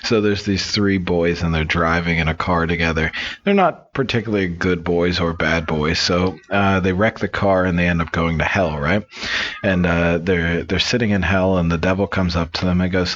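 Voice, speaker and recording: A man with a very low voice tells jokes in a loose, rambling way, sliding in fillers between lines. The recording sounds muffled and lo-fi. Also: moderate pace. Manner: relaxed, rambling storytelling with fillers. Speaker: joke teller. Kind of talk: reading and telling jokes.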